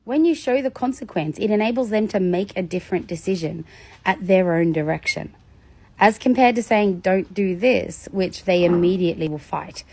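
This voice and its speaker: A woman giving a casual educational talk about children, lively and storytelling, acting out examples. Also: moderate pace. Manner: animated, acts out examples with big pitch jumps and laughs. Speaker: educator on demand avoidance in children.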